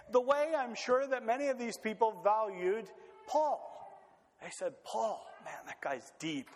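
A man preaching a sermon in a lively, conversational way, full of rhetorical questions. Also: high-pitched. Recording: long hall reverb.

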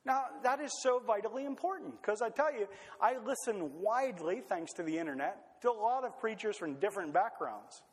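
A man preaching a sermon in a lively, conversational way, full of rhetorical questions. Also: high voice, a little fast, breathy edge. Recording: long hall reverb.

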